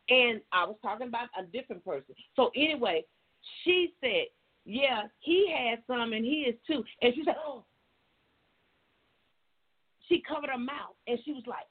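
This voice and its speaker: Chatty preachy woman, kinda husky, sounds like over a phone line. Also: on the high side. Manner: folksy, chatty, addresses viewers as y'all; preachy, emphatic. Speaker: life coach. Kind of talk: casual storytelling and faith-based advice.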